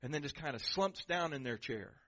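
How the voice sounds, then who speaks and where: A man, a pastor, preaching an animated sermon in church and acting out quoted voices. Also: a little high, a little fast, muffled recording.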